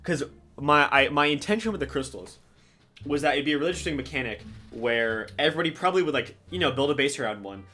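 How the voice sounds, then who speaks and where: A man's voice: on the high side, expressive, fast talker, pushed and bright. A young man hosting a casual gaming podcast, rambling and swearing between laughs. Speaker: podcast host and game organizer.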